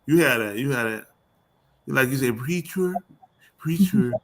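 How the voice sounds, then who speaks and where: Teasing bright-voiced male show host. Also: mid-range voice, steady tone, moderate pace, creaky. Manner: teasing, loud, uses dialect grammar. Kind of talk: casual radio chat.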